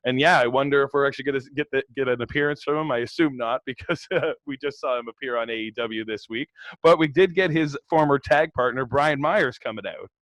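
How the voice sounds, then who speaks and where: A man's voice: medium pitch, fast, hardly any pauses, a bit bright, dry recording. Laid-back man on a podcast, dry sound. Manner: laid-back, lots of fillers and laughs. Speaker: podcast co-host. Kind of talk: casual wrestling recap chat.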